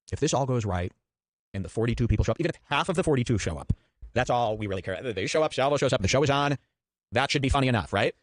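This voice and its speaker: A man's voice: medium pitch, dry recording. A male podcast host rattles off a long story at breakneck speed, full of sarcastic asides. His voice sits in a middle range and sounds dry and close to the mic. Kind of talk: casual podcast commentary.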